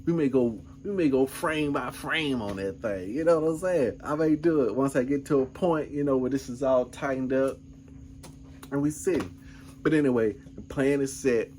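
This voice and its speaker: A middle-aged man in a casual vlog, rambling through a story in an easygoing way. His voice sits at an ordinary middle pitch, and faint background noise hums behind him. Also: moderate pace, darkish tone. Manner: laid-back, rambling, peppered with "man" and "you know what I'm saying". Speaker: vlogger.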